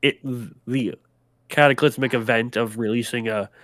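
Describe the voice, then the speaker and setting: A man's voice: mid-range voice, fairly even intonation, normal speed, fairly bright tone, dry recording. Guy running a tabletop game as gm, rambly explanations, dry close sound. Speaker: game master.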